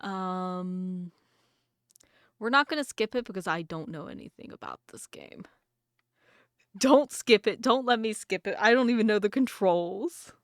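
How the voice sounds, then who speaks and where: A woman's voice: medium pitch, unhurried, dry recording, clean studio sound. A woman chatting casually and laughing at herself while playing a video game. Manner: chatty, giggly, self-deprecating. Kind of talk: casual let's-play commentary. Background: game music.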